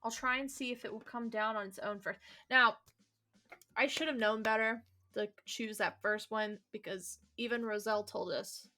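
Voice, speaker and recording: A woman's voice: mid-range voice, steady tone, normal speed, bright, forceful tone. A woman playing through a visual novel, reading its lines aloud and chatting casually between them, swearing now and then. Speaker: let's play streamer.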